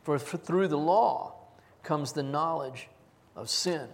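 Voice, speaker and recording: A man's voice: fairly high pitch, slow pace. A man preaching a sermon as pastor, earnestly reading scripture aloud and stressing single words. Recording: long hall reverb.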